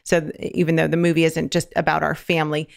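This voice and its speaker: A woman's voice: low voice, completely flat delivery, fast talker, gravelly, clean tone. A woman in her thirties hosting a podcast, chatting fondly with her daughter and laughing often. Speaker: podcast host. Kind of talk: casual podcast chat.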